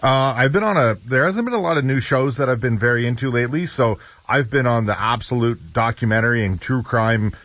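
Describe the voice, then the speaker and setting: A man co-hosting a show, answering casually in short, relaxed remarks. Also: mid-range voice, brisk, few pauses, no echo, muffled recording. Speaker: co-host. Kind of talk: casual chat.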